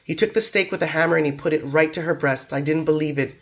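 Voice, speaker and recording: A man's voice: fairly high pitch, quick pace, a bit bright, highs cut off. A man voicing a distraught, drunk Englishman who pleads and talks emphatically, in a storybook reading. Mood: desperate. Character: distraught Englishman, middle-aged, drunk and desperate.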